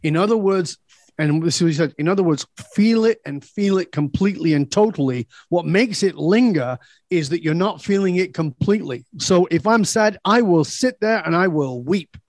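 A blunt, emphatic man speaks candidly as a podcast guest, swearing without hesitation as he makes his points. His voice sits a little high for a man, and the sound is dry and close. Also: lively intonation, moderate pace, a little mellow, no room sound. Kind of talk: candid personal storytelling.

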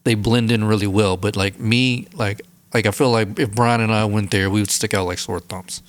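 Dude on a podcast mic, low pitch, dead dry sound, cussing casually. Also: male voice, fairly even intonation, normal speed, no room sound. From Texas. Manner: profane, laid-back storyteller. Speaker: podcast co-host. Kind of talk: casual chat.

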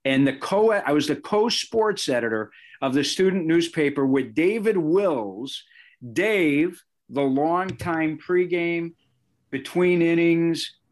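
A middle-aged man from the area, a sportscaster telling personal stories in an interview, animated and full of asides. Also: fairly high pitch, slow pace. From Chicago area, Illinois. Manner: animated, anecdotal, with fillers and self-corrections. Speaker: sportscaster guest.

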